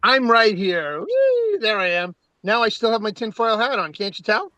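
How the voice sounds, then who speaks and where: Bright, dry-joking co-host. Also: mid-range voice, normal speed, dry recording. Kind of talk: casual video call chat. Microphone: video call.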